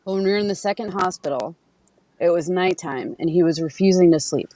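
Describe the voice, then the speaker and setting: A woman's voice: fairly low pitch, a little fast, dark tone, no echo. A woman talking as a podcast guest in casual conversation, telling candid stories, acting out what people said and swearing freely. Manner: candid storytelling, acts out quotes, swears freely.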